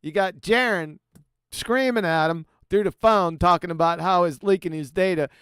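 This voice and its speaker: High-voiced guy hosting a stream, mocking and laughing a lot, smooth dry close mic. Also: moderate pace, dry recording. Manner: laughs often, animated and mocking. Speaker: stream host. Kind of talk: casual live panel chat.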